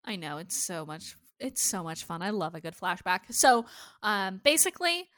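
A woman's voice: medium pitch, very animated, normal speed, a bit bright, no room sound, studio quality. A woman co-hosting a casual TV recap podcast, chatty and swearing freely as she acts out lines from the episode. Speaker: podcast co-host.

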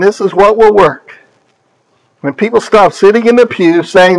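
High-voiced male preacher. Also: a little slow, poor audio. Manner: animated storytelling, playful. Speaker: pastor. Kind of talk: sermon.

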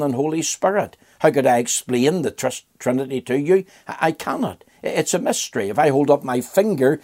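A man's voice: medium pitch, darkish tone, slightly rough. An older man from Ireland preaching a sermon in an earnest voice, asking rhetorical questions and repeating phrases.

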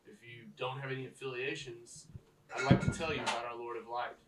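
A man voicing a male cult missionary who talks softly and persuasively. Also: medium pitch, flat delivery, a little fast, very noisy, close to an everyday voice. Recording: roomy echo, mic at a distance.

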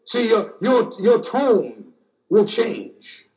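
A man preaching a sermon in a slow, repetitive cadence, stacking refrains line after line. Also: sits high, lively intonation, a little mellow. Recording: distant mic.

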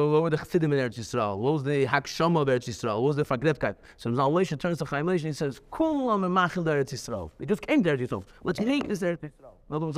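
A man teaching a lively lecture, telling stories with emphatic, animated delivery and many repeats. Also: fairly high pitch, big-room sound. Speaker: Torah teacher.

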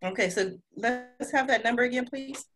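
A woman hosting a podcast interview in casual chat, animated and laughing, jumping high and low and going off on tangents. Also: moderate pace, rough recording. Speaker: podcast host.

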